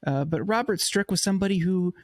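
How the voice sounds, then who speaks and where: A man with a fairly high voice hosts a podcast interview, asking his questions haltingly with plenty of filler sounds. The sound is dry and close, with no room echo. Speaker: podcast host.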